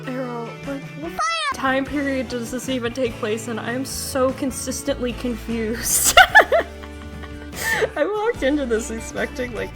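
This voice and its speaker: Dramatic young woman streamer, game music behind. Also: a little high. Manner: dramatic, swears, loud outbursts and laughs. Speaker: streamer playing a story game. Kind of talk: casual live game commentary.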